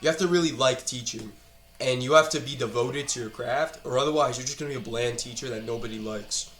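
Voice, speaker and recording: A man's voice: medium pitch, fast, fairly bright tone, roomy sound. A teenage student ranting about school in an exasperated, profane way while he plays a video game. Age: teens. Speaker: student gamer.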